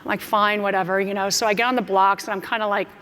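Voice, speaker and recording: Speaking fast with a medium pitch, this American keynote speaker shares motivational stories, vividly performing both her own words and other people's. Her voice echoes with long reverb through the big conference hall.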